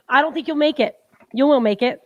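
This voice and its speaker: A woman co-hosting a casual live-stream chat from home, chatty and teasing and quick to laugh. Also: high voice, no room sound, dull audio. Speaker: co-host.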